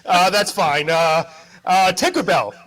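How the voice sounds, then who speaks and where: Jokey high-voiced man on a morning show. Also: unhurried, fairly bright tone. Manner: jokey, self-deprecating, laughs often. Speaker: news presenter. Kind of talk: casual live morning show chat.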